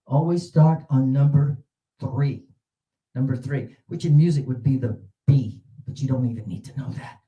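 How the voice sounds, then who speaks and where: A man leading a teaching seminar, animated and demonstrative, with sudden jumps in pitch. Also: moderate pace, narrow, tinny audio. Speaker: teacher trainer. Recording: roomy echo.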